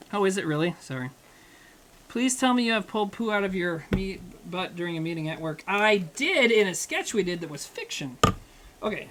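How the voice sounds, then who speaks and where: A man's voice: high-pitched, fairly bright tone, slight background noise, rough recording. A man chatting casually with his livestream chat while he cooks, rambling and swearing, joking at his own expense. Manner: rambling, profane, self-mocking banter with chat. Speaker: streamer cooking live.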